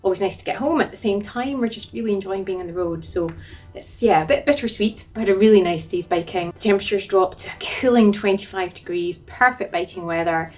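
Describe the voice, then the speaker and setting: A woman with a Glasgow Scottish accent who chats in a lively, self-deprecating way in a travel vlog. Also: mid-range voice, fairly quick, soft background music. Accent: Glaswegian Scottish. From Scotland. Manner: chatty, self-deprecating storyteller. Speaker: vlogger on a motorbike tour.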